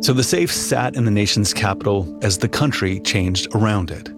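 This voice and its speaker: A low-voiced man with a gravelly edge to his talk, co-hosting a podcast. He asks curious questions and slips into narrated passages that build long lists, with music playing clearly underneath. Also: normal speed. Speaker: podcast co-host. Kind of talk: casual chat with scripted narration.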